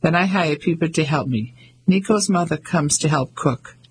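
Man playing a relaxed, shrugging French chef, husky voice. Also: on the high side, moderate pace, rough recording.

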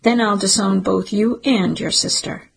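A woman's voice: mid-range voice, steady tone, measured pace, vocal fry, husky, low-quality recording. Cold stern father, as a woman reads him. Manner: curt, contemptuous, dismissive.

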